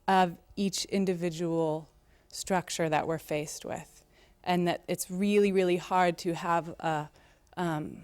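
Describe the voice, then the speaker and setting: A woman's voice: on the low side, darkish tone, clean tone, dry recording. A woman in the audience asking a thoughtful, slightly hesitant question. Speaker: audience member.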